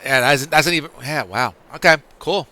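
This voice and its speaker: A man running a tabletop game as game master, pausing often as he works out rulings for the players. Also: fairly high pitch, bright, forceful tone. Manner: halting, full of fillers and restarts while deciding rulings.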